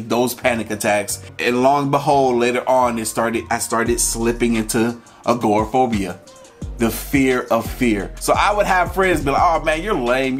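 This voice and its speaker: A man vlogging, talking candidly and emotionally to his viewers about his own experiences in a casual, personal way. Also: medium pitch. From Georgia, USA. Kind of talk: personal storytelling to camera.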